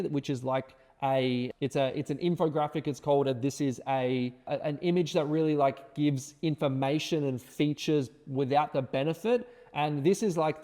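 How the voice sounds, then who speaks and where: Male course instructor, emphatic and repetitive, mellow tone, fairly high voice, echoing room. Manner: emphatic, repeats words, tag questions. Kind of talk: screen-share tutorial.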